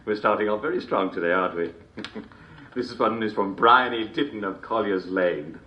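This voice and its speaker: A man's voice: fairly low pitch, normal speed, highs cut off, natural voice. Uncle Jack, a man playing a chuckling show host. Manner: chuckles constantly between lines, chummy showman patter. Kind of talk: video game character performance.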